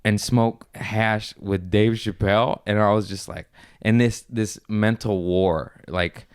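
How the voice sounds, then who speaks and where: Low smooth-voiced man telling stories. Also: slow pace. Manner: animated storyteller who acts out others in high squeaky voices, swears often. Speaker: comedian, podcast guest. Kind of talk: casual chat, storytelling.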